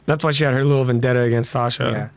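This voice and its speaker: A man's voice: medium pitch, steady tone, fast, no room sound. A man co-hosting a podcast in casual chat, dropping offhand joking quips. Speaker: podcast co-host.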